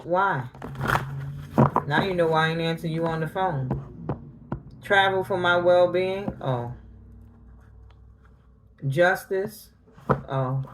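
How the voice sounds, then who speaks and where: A woman's voice: low-pitched, heavy background noise. A middle-aged woman tarot reader talking on a livestream, grieving and confronting her family directly in casual, emotional speech.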